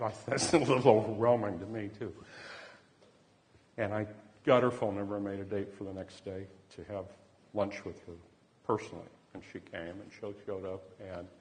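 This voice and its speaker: A man telling a personal story in an earnest manner. He swings from loud bursts to hushed, near-whispered lines. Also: on the low side, big-room sound. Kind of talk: personal anecdote.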